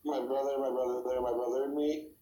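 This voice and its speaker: A man's voice: medium pitch, level tone, fairly quick, warm tone, low-quality recording. A man co-hosting a podcast, making dry, teasing remarks in casual chat. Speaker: podcast co-host.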